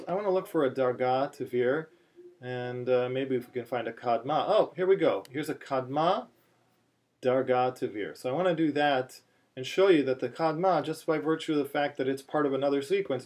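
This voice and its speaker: A man teaching a chanting lesson, talking slowly through many fillers and restarts, then breaking into short chanted phrases. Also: medium pitch, a little mellow. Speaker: cantillation teacher. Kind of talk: chanting lesson, spoken explanation with chanted examples. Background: phone ringing in the background.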